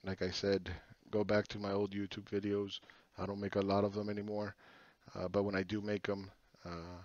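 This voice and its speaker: A middle-aged man talks through market charts in a blunt, profane, mocking way. His voice sits fairly low and the sound is dry, with no room echo. The recording is dull and lo-fi. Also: completely flat delivery, moderate pace. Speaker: market commentator. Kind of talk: casual chart commentary.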